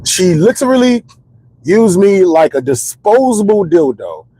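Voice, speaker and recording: A man's voice: high voice, very animated, unhurried, mellow, breathy edge, low-quality recording. A stand-up comedian telling candid, rambling comedic stories in casual chat, repeating words as he builds the jokes.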